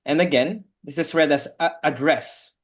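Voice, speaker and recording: A man's voice: medium pitch, animated, a little slow. A man teaching an online English class over a video call, patiently correcting his students' pronunciation word by word.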